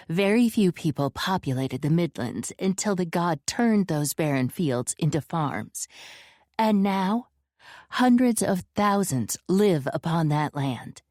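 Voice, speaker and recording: A woman's voice: on the low side, lively intonation, takes it slowly, darkish tone, no room sound, clean studio sound. A woman voicing a cold, cutting noblewoman who lectures in a cool, logical way.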